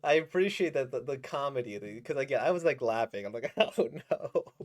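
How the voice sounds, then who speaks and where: A man rambles through a casual reaction to a comic he is reading, keen and quick to laugh. His pitch sits in the middle but swings widely as he talks. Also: animated. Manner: rambling, enthusiastic, laughs often. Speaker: manga reaction host.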